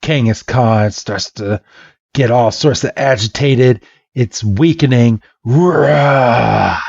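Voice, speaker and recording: A man hosting a podcast, casually retelling a story and acting out every character in an animated way. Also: medium pitch, slow pace, no room sound. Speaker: podcast host. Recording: dull lo-fi dry podcast mic.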